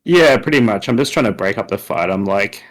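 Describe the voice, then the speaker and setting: Relaxed low-voiced man playing a tabletop game. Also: brisk. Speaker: player.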